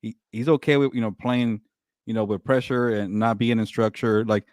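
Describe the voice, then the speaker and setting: A man co-hosting a sports podcast in casual chat, excitable, repeating words and laughing often. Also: medium pitch, moderate pace, dry recording, clean studio sound.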